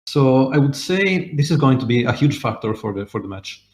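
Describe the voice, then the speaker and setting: Male co-host, mid-pitched, hesitant casual analysis, echoey room sound. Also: very animated, moderate pace, darkish tone. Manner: hesitant, many "uh" fillers. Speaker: podcast co-host. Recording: roomy echo.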